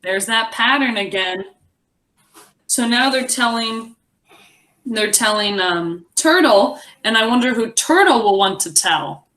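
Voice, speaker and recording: A young adult woman teaching a reading lesson to a class, encouraging and expressive as she reads aloud. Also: a little high, measured pace.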